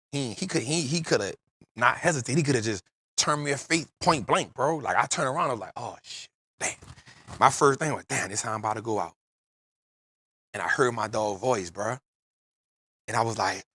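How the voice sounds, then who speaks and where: A man's voice: mid-range voice, pushed and bright, slightly rough, dry recording, clean studio sound. A man hosting a podcast, telling an emotional personal story in casual street slang. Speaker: podcast host. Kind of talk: casual chat.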